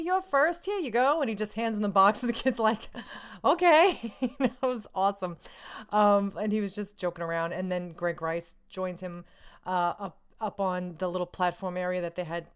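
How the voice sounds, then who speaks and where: A young woman vlogger tells a story in a gushing, breathless rush, tripping over restarts and "like". Her voice is smooth and clear at a middle pitch. She laughs often while she talks. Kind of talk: excited storytelling vlog.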